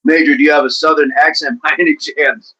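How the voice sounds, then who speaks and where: A man's voice: fairly high pitch, fairly even intonation, brisk, sharp tone, slightly rough, rough recording. A man hosting a casual livestream, talking to viewers by name and encouraging them. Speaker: livestream host reading chat.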